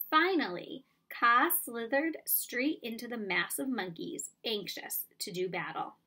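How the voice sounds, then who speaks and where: A woman reading a children's storybook aloud with lively, expressive narration. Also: medium pitch, husky. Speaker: audiobook reader.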